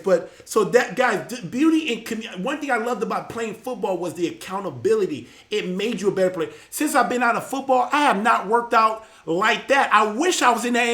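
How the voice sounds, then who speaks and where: A man hosting a live church talk show, preaching casually and getting animated, often repeating his words and sometimes shouting. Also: sits high, reverberant.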